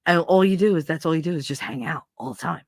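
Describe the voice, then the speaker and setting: A woman's voice: low-pitched, quick pace, dry recording, studio quality. A woman streamer with a New Jersey accent who chats casually and rambles, laughing often and swearing freely. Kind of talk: casual solo chat.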